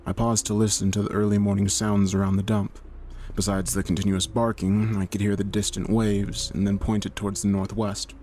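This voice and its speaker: A man narrating a horror story in a steady, measured storytelling manner. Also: lowish voice, a little hiss or hum.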